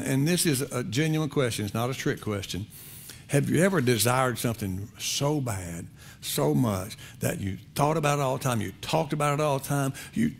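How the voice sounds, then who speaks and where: Folksy male pastor preaching. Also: a little high. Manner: conversational, repetitive, folksy. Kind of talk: sermon.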